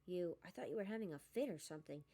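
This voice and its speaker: A woman's voice: lowish voice, animated, dark tone. A woman voicing a nervous, shaken teenage boy in an audiobook reading. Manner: nervous, hurried.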